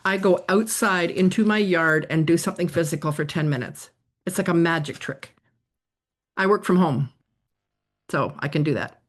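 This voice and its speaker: A woman's voice: on the low side, normal speed. A middle-aged woman answering interview questions on workplace stress, telling stories and acting out quoted lines. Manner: animated storyteller, acts out quotes. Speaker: guest expert on workplace stress.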